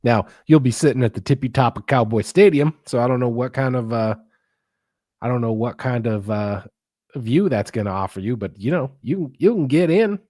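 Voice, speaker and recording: A man's voice: medium pitch, normal speed, darkish tone, no room sound, studio quality. Laid-back, sardonic male podcaster. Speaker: podcast co-host. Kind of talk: casual chat.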